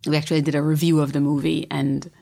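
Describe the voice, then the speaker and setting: Low gravelly woman telling a story. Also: little pitch movement, fast. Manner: reflective, often dropping to a soft whisper. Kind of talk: casual storytelling chat.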